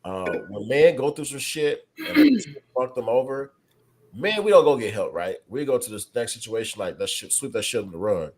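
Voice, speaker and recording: A man holding forth in a casual group podcast chat. His voice sits in an ordinary middle pitch. He talks candidly and profanely, often doubling his words as he makes a point. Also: very animated, brisk, a little mellow. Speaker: podcast co-host.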